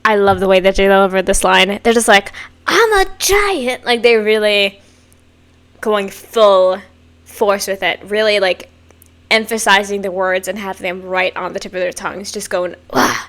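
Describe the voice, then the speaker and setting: A woman hosting a casual music reaction video, excitable and gushing, with frequent breathy exclamations. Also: medium pitch, normal speed. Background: faint music playing.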